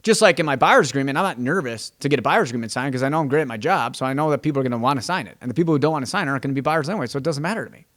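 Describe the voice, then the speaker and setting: A man's voice: mid-range voice, lively intonation, rapid-fire, hardly any pauses, a bit bright. A man hosting a podcast as a real estate agent, talking in a casual, emphatic monologue that stumbles and repeats words as he thinks aloud. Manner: acts out quoted exchanges with clients.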